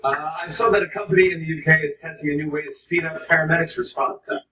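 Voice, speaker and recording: A man's voice: fairly high pitch, fairly even intonation, bright, forceful tone. A man hosting a late-night show, delivering a joking comedy monologue in a TV studio. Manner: joking, quick asides. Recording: dull, distant, roomy audio.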